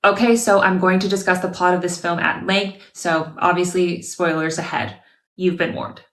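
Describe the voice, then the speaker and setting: A woman's voice: lowish voice, fairly even intonation, normal speed, fairly bright tone. A woman narrating a scripted video review with wry, sarcastic asides. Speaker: video essayist. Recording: roomy echo.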